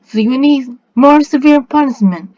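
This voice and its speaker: A man's voice: extremely high pitch, moderate pace, dull audio, voice pushed up. A man voicing a scheming female sorceress who smirks and scolds in a raised voice. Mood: smug.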